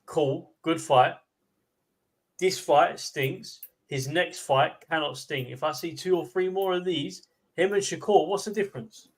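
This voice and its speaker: A man co-hosting a casual boxing chat show, animated, ranting and repeating himself. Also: on the high side, a little slow. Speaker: co-host.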